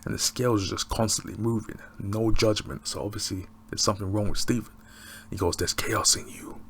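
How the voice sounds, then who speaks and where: A man's voice: fairly low pitch, fairly even intonation, fairly quick, creaky, a little hiss or hum. A man chatting casually as he reviews a TV episode, slangy and rambling with frequent chuckles. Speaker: TV review vlogger.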